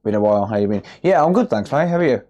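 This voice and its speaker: A man's voice: fairly low pitch, very fast, dull audio. A man from the West Midlands of England with his regional accent, chatting casually with live-stream viewers while he works on repairs. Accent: West Midlands English. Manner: relaxed, chatty, greets viewers by name. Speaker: repair livestream host.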